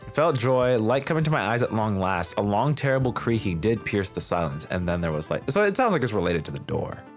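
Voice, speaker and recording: A woman with a sick, hoarse voice chatting casually while playing a game, joking about herself. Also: extremely low pitch, sing-song, brisk, faint music behind. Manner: joking, self-deprecating, stumbles and restarts. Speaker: streamer. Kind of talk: casual gameplay chat.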